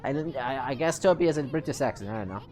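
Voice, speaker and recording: Low-voiced joking woman streamer. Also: animated, fast, a little mellow. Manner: joking, self-deprecating. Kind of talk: casual gameplay commentary.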